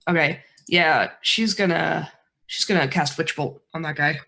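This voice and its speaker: A woman's voice: sits low, unhurried, creaky, bright, forceful tone. A woman playing a tabletop game, asking questions and checking rules in a casual way. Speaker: player.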